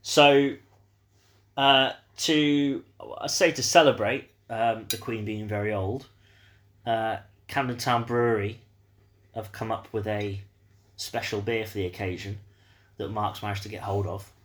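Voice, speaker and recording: A man's voice: on the low side, fairly even intonation, a little slow, fairly bright tone. A man hosting a beer podcast, chatting casually with lots of ums and uhs. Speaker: podcast host. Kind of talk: casual chat.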